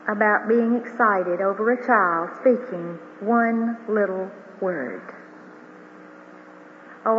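A woman's voice: medium pitch, slight background noise. An older woman giving an earnest religious testimony as a grandmother, speaking before a large audience in a hall. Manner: earnest, heartfelt storytelling. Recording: tinny broadcast of a hall with reverb.

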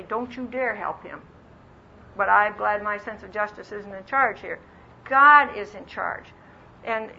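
Woman preaching, bright higher voice, earnest, slows down on the big points, dull old recording with a faint hiss. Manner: earnest, slows down to stress key phrases; acts out little quoted voices with self-deprecating humor. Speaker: Bible teacher. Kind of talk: sermon.

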